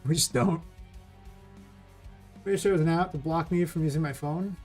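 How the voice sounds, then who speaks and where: A man from California with a Californian accent, chatting casually and rambling quickly while streaming game development. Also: on the high side, a little mellow, soft background music. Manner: fast, rambling talker.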